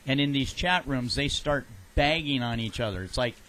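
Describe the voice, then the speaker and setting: Casual guy on a radio chat show, rambling stories full of restarts, mid-pitched everyday voice. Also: a bit bright, poor audio. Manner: rambling storyteller, quick asides and restarts.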